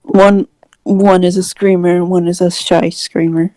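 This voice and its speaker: Giggly woman at game night, slow and bouncy, lowish voice, dry close sound. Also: little pitch movement, mellow, no echo, low-quality recording. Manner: giggly, joking asides. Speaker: tabletop game player. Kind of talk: casual chat.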